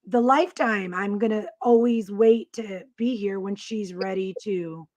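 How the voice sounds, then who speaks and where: A woman co-hosting a casual talk show, reading out viewer comments in a supportive, steady way. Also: medium pitch, unhurried. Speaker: co-host.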